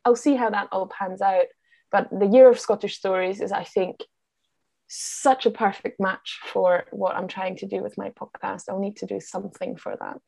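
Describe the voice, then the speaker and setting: A woman's voice: mid-range voice, fairly even intonation, normal speed, creaky, a little mellow, dry recording. A woman from Austria, a native German speaker, chatting in an interview as a podcast guest in a friendly, thoughtful way with small restarts. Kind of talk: casual interview chat.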